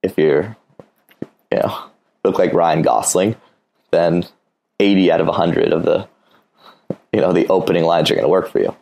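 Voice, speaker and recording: A man's voice: sits low, fairly even intonation, normal speed, gravelly, long pauses, a little mellow, poor audio. A man giving casual dating advice, blunt and profane, acting out little dialogues.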